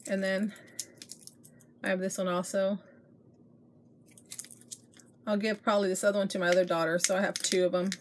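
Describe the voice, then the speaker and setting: A woman's voice: mid-range voice, little pitch movement, moderate pace, long pauses. Middle-aged woman, chatty haul vlogger gushing to viewers, home camera mic, faint hiss behind. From Texas. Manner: chatty, gushing, addresses viewers as you guys. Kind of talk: casual show-and-tell chat.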